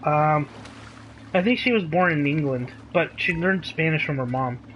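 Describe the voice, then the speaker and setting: A man's voice: fairly high pitch, moderate pace, muffled recording, slight background noise. A man reviewing a movie in casual chat, laid-back and often saying "dude" and "like".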